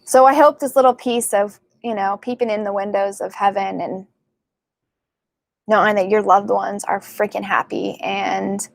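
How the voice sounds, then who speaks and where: A woman working as a psychic medium, talking casually and excitedly to her viewers, full of fillers and "like". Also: mid-range voice, dry recording. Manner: chatty and excitable, many fillers and likes. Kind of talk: casual spiritual talk to camera.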